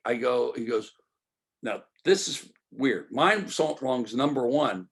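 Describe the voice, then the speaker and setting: Gravelly older man telling a story. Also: medium pitch, measured pace. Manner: animated storytelling, acts out quoted dialogue. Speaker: interview guest. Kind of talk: storytelling interview.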